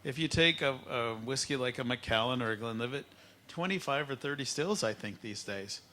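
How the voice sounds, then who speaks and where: A man teaching a live whisky tasting masterclass at an expo, playful and lively, drawing out words for effect. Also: mid-range voice, normal speed. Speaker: whisky educator.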